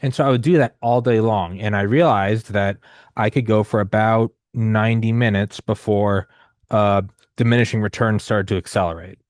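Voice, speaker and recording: Man in his thirties, low-pitched, rambling, profane conversational storyteller, dry recording. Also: fairly even intonation, normal speed, no room sound. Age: 30s. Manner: rambling, profane, frequent restarts and fillers.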